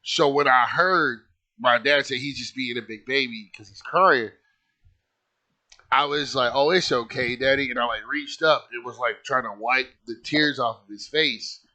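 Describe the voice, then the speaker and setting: Bright-voiced man telling a rambling story. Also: mid-range voice, unhurried. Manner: rambling, lots of filler likes, swears freely. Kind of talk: casual personal storytelling.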